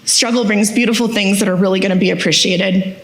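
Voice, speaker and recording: A woman's voice: medium pitch, fairly even intonation, fast talker. Lady on stage doing a funny candid talk, lots of room echo. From Texas. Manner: candid, self-deprecating, humorous. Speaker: speaker giving a talk. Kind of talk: storytelling keynote talk. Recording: echoey hall.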